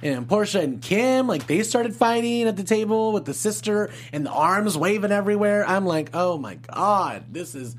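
A woman's voice: medium pitch, lively intonation, normal speed, few pauses. A woman co-hosting a fan after-show, chatting casually with playful asides. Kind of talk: casual chat.

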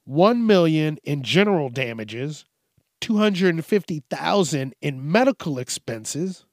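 A man's voice: on the high side, animated, a little slow, dry recording, clean studio sound. A man hosting a casual, profane news commentary show, rambling and laid-back as he reacts to stories. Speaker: host.

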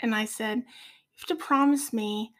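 A woman in her forties tells her story of faith as a podcast guest. Her voice sits a little high and soft, and it sometimes falls almost to a whisper. She speaks earnestly and with feeling. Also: steady tone, normal speed. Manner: earnest, tearful at moments. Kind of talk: personal faith testimony.

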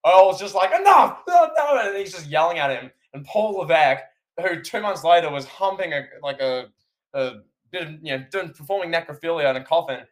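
A man co-hosting a podcast, recapping a wrestling match in casual chat and acting out the commentators' lines. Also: a little high. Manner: animated, acts out commentators' lines. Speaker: podcast co-host.

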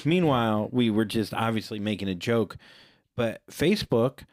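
Low-voiced man rambling through a story. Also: expressive, normal speed, darkish tone, no room sound, clean studio sound. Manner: rambling storyteller, acts out quotes in high voices. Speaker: podcast co-host. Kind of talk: casual chat.

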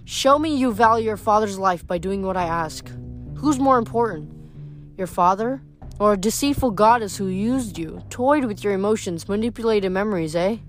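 A woman reading aloud, voicing a huge, cruel male giant who speaks in low rumbling taunts. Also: normal speed, soft background music, natural voice. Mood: menacing.

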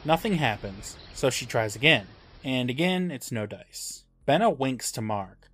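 A man co-hosting a podcast, retelling an episode in a lively, casual storytelling way. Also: medium pitch, a little slow, slight background noise. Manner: lively storytelling with laughs and voices for characters. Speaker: podcast co-host.

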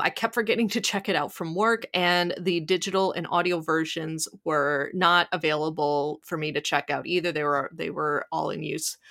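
A woman's voice: lowish voice, fairly bright tone. A woman with a Midwestern accent, co-hosting a book podcast and chatting casually with lots of ums and restarts. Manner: chatty, many fillers and restarts. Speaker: podcast co-host.

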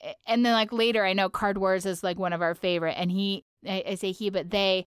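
Woman, casual chat co-host, rambling, giggly, mid pitch, dry close sound. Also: fairly even intonation, fairly quick, clear, resonant tone, no echo. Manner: rambling, filler-heavy, giggly. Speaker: podcast co-host.

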